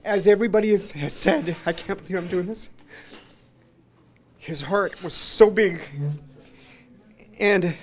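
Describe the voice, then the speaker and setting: Guy w a slightly high voice giving a rambling memorial speech at a restaurant, emotional, laughing a bit, acting out what people said. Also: unhurried, long pauses. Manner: rambling anecdotal storytelling, acting out others' lines; emotional, laughing between lines. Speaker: friend giving a memorial tribute. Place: restaurant, gathering of friends and family.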